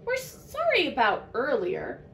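A woman voicing a troop of small, rowdy ants in a storybook reading, shrill and excited. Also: unhurried, vocal fry, a little hiss or hum, exaggerated voice. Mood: polite.

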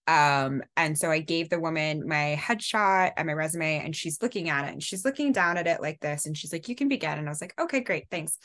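Animated young woman telling stories. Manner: animated, laughing, acts out quotes in high voices. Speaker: actress, interview guest. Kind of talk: casual storytelling chat.

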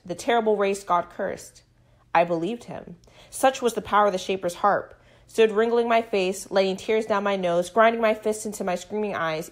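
A woman reading a first-person literary novel aloud, with sudden loud and hushed outbursts. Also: mid-range voice. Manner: dramatic reading with shouted and whispered outbursts. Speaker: audiobook reader.

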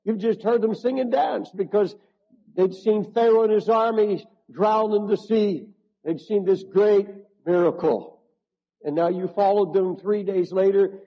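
Husky preacher retelling a story. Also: male voice, sits high, long reverb tail. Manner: storytelling, addressing the listener directly, rising to emphatic pleas; halting restarts and repeated words. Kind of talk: sermon. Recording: dull lo-fi sermon recording.

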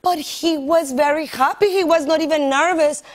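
High-voiced woman telling a story. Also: moderate pace. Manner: animated, acts out voices, lots of "like". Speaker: talk show guest. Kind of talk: casual chat, storytelling. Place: TV studio.

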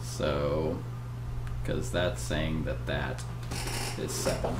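A man's voice: a bass voice, extremely slow. A man casually playing a board game, reading the story aloud with dramatic flair and chatting with his partner. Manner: dramatic read-aloud, lively banter. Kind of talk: casual play-through with read-aloud narration. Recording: echoey room, faint hum.

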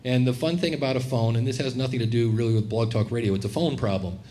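A middle-aged man with a mid-range voice presents fast and casually to a live audience in a conference room. He's animated and acts out quoted voices, with slight background noise in the session.

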